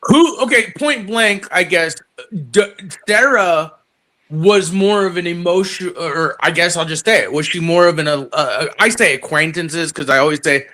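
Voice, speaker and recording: A man hosting a livestream who asks questions haltingly, often restarting his sentences. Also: fairly high pitch, bright, forceful tone. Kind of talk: casual chat.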